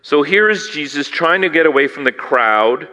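Animated preacher in a reverberant hall. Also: male voice, a little high, normal speed. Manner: animated, theatrical, swings from loud to hushed; asks the listeners questions. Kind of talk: sermon.

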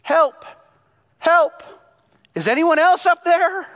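A preacher playing a frantic man hanging off a cliff, his voice jumping high and loud as he pleads for rescue. The shouts ring through a big hall with a long reverb. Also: animated, takes it slowly, full character voice. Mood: panicked. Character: panicked man dangling from a cliff branch.

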